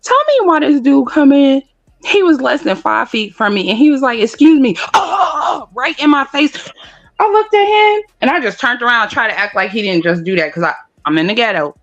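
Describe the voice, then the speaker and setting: A woman talking in a casual chat, telling animated stories and swearing freely. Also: high-pitched, normal speed, dry recording, dull audio. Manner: animated, profane storytelling.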